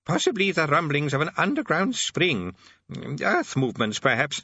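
A doddering, ancient wizard who stammers and is hard of hearing, as a man puts him on, his voice bright and lively in pitch. The sound is dull and dry, with a husky edge. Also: normal speed, no room sound, exaggerated voice. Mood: vague. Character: doddering ancient male archchancellor, sleepy, befuddled.

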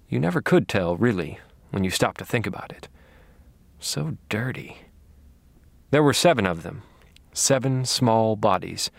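Male audiobook narrator, first-person thriller, measured, quietly menacing, low voice. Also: no room sound.

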